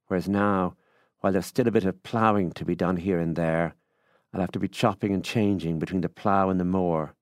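A man's voice: low voice, no room sound, clean studio sound, lightly acted. A man reading a literary story, voicing a wheedling middle-aged Irish country farmer in an affable, folksy way.

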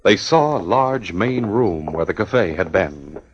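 Man, radio drama narrator, deep voice, measured delivery, dull 1950s broadcast sound. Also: a little hiss or hum. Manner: measured, even storytelling. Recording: dull 1950 radio recording.

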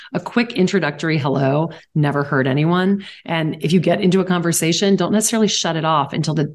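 Low-voiced, animated woman from Louisiana. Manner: animated storyteller, quick and upbeat with laughs. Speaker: guest, charity auctioneer and founder. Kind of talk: podcast interview.

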